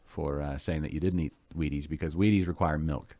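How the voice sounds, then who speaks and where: A man in his forties hosts a live chat show, rambling eagerly and laughing easily. His voice sits low, and the recording is dry and close with no room around it. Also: fairly even intonation, darkish tone, dry recording. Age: 40s. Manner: enthusiastic, rambling, quick to laugh. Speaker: podcast host. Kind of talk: casual live interview chat.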